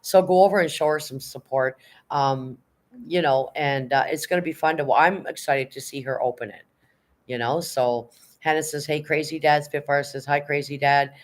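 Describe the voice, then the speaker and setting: A middle-aged man hosting a livestream, reading viewers' chat messages aloud and giving upbeat shoutouts. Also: fairly high pitch, steady tone, moderate pace. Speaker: livestream host. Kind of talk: casual live-chat shoutouts.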